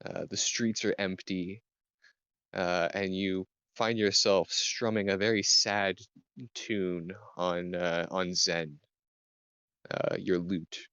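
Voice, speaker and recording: A man narrating a tabletop game as game master, talking in a slow, halting way with lots of fillers. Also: sits low, fairly even intonation, a bit bright, clear, resonant tone, no room sound, muffled recording.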